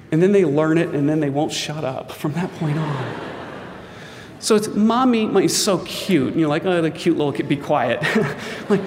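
A man's voice: fairly high pitch, slight background noise. Earnest man preaching in a reverberant hall. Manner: earnest, emphatic preaching with acted-out quotes and humor. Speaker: pastor. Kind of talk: sermon.

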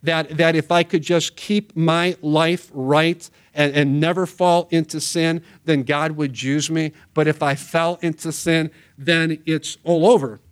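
A man preaching a sermon as pastor, reading scripture quickly and then explaining it with earnest emphasis. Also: on the high side, fairly even intonation, smooth.

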